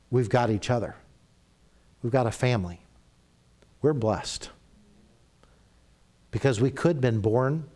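A middle-aged man from Canada preaching a sermon, telling stories with animated rises and quiet drops. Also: medium pitch. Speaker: pastor.

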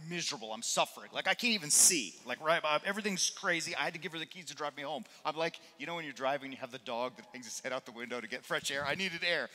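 A man preaching as a pastor in a church, his slightly high, bright and forceful voice carrying a long hall reverb. He tells his story in a lively, conversational way, the way a preacher speaks from the pulpit. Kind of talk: sermon with a humorous personal story.

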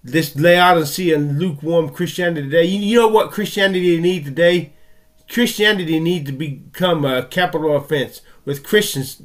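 A man from the United States delivers a furious, profanity-laced rant, his voice sitting a bit higher than most men's. He stumbles and restarts as the anger outruns his words. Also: normal speed. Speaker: vlogger. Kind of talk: angry ranting monologue.

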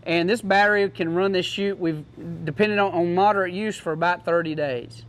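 A man's voice: high-pitched, steady tone, fairly quick. A man giving a casual, joking product demo to a class, in a folksy manner. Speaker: product demonstrator.

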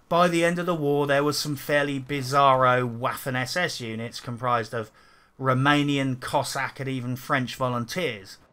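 A man's voice: medium pitch, sharp tone, clean tone. A man delivering a scripted game review as a sarcastic, profane and indignant rant.

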